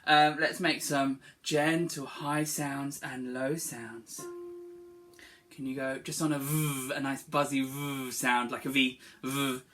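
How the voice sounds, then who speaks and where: A school music teacher leading children through a singing warm-up from a camera, upbeat, encouraging and playful. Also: mid-range voice, flat delivery, slow pace. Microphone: filming themselves on a camera.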